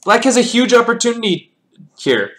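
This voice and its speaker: A man's voice: extremely high pitch, big pitch swings, moderate pace, fairly bright tone. A man casually reviewing his own chess games, thinking aloud as he calls out the moves and often repeating words. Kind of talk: casual game analysis.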